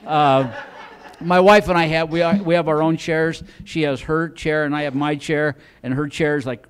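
A man's voice: a little high, clean tone. A middle-aged man doing stand-up on a club stage, telling a rambling story with lots of stammered restarts. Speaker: stand-up comedian.

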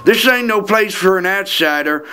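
Buck, a bright old slug cowboy. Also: male voice, sits high, lively intonation, moderate pace, smooth. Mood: folksy. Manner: folksy, blustering. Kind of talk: student cartoon voice acting.

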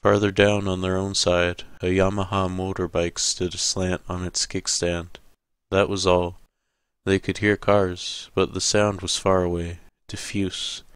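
Deep, smooth male audiobook narrator. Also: little pitch movement, unhurried, no room sound. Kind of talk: scripted narration.

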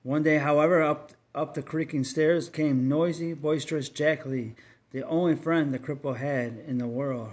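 A man reading a religious tract story aloud in a measured, earnest manner, with occasional stumbles. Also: fairly high pitch, fairly even intonation. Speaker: story reader.

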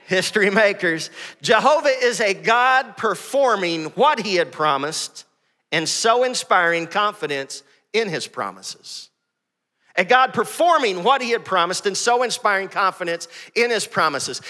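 A pastor with a high voice preaches energetically in a church sanctuary before his congregation, the sound carrying a big-room echo. He reads scripture aloud and calls out to the people gathered.

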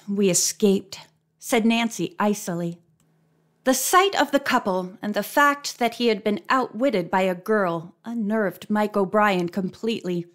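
A woman reading a mystery novel aloud as an audiobook narrator, with steady, clear storytelling. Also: mid-range voice. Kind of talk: scripted narration.

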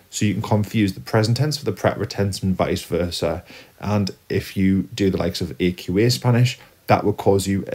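A man's voice: sits low, warm tone, breathy edge. A man teaching Spanish grammar to students, explaining patiently step by step as he writes on a board. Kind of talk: classroom lesson at a whiteboard.

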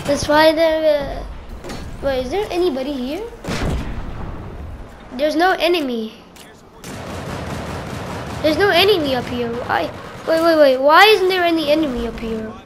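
A woman giving excitable gameplay commentary, exclaiming at game events and playfully calling other players "bro". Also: sits high, measured pace, pauses often, noisy background. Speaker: gamer.

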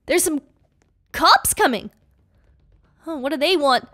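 A young adult woman narrating a game story in an excitable way, full of gasps. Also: high-pitched, unhurried, long pauses. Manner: excitable, gasping.

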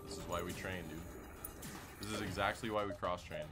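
A man's voice: deep voice, fairly even intonation, brisk, over loud music. A man streaming a game live, chatting loosely and joking with his viewers in slangy casual talk. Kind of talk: casual live gameplay commentary.

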